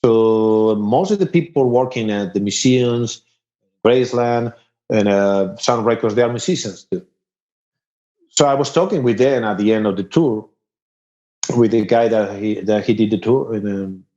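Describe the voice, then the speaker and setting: Spanish guy telling road stories on a podcast, lively, kinda muffled lo-fi audio. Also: lowish voice, a little slow, pauses often. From Spain. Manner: animated, laughing storyteller. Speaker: musician guest. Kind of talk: casual storytelling interview. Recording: dull lo-fi sound.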